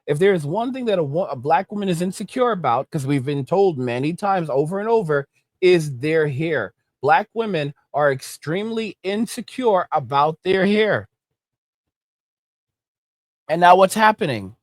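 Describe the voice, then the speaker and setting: A man's voice: on the high side, lively intonation, moderate pace, dry recording, studio quality. A man hosting an online commentary show, delivering preachy, moralizing rants with a mocking edge. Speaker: commentary channel host.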